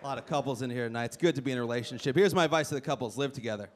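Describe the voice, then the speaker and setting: Onstage at a comedy club, a brash comedian rattles off punchlines rapid-fire in a medium-pitched voice, teasing the audience. The live recording picks up crowd noise and laughter.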